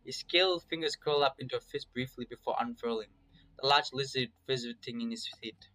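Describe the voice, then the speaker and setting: A man's voice: medium pitch, brisk, bright, forceful tone, low-quality recording. Casual man reading a story aloud. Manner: casual, swears freely, self-correcting. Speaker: story reader. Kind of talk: reading a visual novel aloud with asides.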